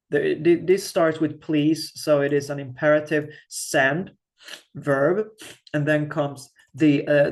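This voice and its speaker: Slow, patient male language teacher. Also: a little high. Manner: thinks aloud, slow and patient, frequent restarts. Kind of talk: screen-share grammar lesson.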